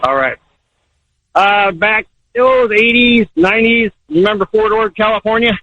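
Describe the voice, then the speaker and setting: A man's voice: high voice, moderate pace, no room sound, muffled recording. A man calling in to a radio show, earnestly telling a personal story. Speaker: caller, military veteran.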